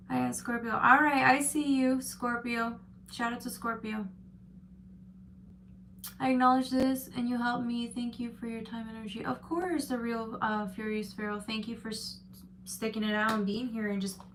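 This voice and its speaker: A woman's voice: fairly high pitch, fairly even intonation, normal speed, a bit bright, a little hiss or hum. A woman giving a live-stream tarot reading, chatting loosely and reading out viewer comments with frequent restarts. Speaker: tarot reader.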